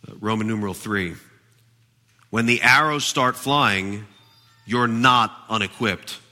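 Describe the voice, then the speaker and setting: A man pastor preaching a sermon, animated and emphatic, in a church with a long reverb. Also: on the low side, unhurried.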